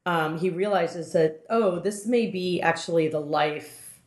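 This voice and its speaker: A woman's voice: on the low side, a little slow. A woman podcast host recapping a film in casual chat, rambling with many fillers and restarts. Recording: roomy, echoey room.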